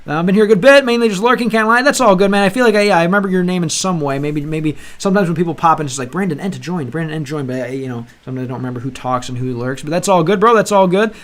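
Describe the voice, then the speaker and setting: A man's voice: high voice, very fast, hardly any pauses, a bit bright. A young man hosting a language-learning livestream, chatting casually with viewers and rambling with lots of restarts. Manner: rambling, restarts often, calls viewers bro. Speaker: livestream host. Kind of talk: casual chat with live chat.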